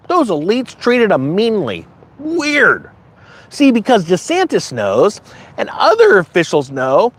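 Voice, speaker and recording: Sarcastic male commentary host, high and animated, slips into mocking voices.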